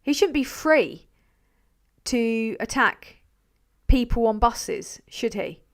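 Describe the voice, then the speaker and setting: A woman's voice: fairly high pitch, lively intonation, slow pace. A woman hosting a live stream, talking bluntly with frequent swearing, rambling between points and reading out viewer messages. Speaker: livestream host.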